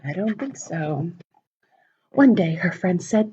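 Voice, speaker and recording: A woman librarian reading a picture book aloud at a children's storytime, animated and asking the kids questions. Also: lowish voice, takes it slowly, husky. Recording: dull lo-fi recording.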